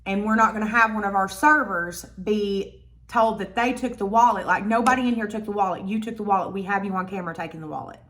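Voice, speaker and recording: A man's voice: sits high, fast talker, a bit bright. A woman voicing a stern male restaurant manager who firmly insists on calling the police. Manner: firm, insistent.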